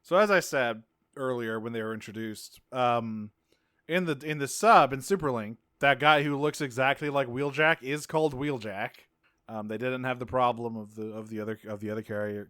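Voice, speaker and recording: Guy cohosting a podcast, smooth voice, dry close mic, swears a lot, laughs a lot. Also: mid-range voice, normal speed, a bit bright, dry recording. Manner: profane and laughing. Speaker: podcast co-host. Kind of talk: casual chat.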